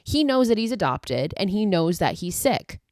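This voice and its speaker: A woman's voice: medium pitch, very animated, normal speed, a little mellow, dry recording, clean studio sound. A woman podcast host casually recapping a horror movie, chatty and loose, with plenty of filler words and the odd swear.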